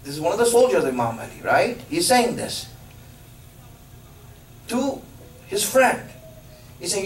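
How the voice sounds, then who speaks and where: A man preaching a sermon, telling a story in halting phrases with many fillers and posing emphatic questions to his listeners. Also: fairly high pitch, wildly swooping pitch, a little hiss or hum. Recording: echoey room from a distance.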